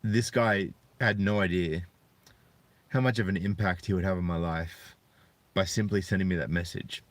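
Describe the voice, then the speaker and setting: A man in his thirties talking earnestly and reflectively to viewers on a live stream, often halting to find his words. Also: low voice, steady tone. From Australia. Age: 30s. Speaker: channel host. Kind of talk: live-streamed personal talk.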